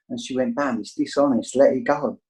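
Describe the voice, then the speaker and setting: A man's voice: mid-range voice, normal speed, a little mellow, poor audio. A man with an English accent sharing his recovery story on a video call, reflective and rambling, often ending his thoughts with a questioning "right?". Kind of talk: candid personal share on a video call.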